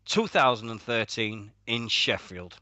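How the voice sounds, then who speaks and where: Bright-voiced British man, swearing banter. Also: lowish voice, animated, unhurried, no echo. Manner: swearing, rambling, laughs at own stories. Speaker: radio show co-host. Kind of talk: casual podcast banter.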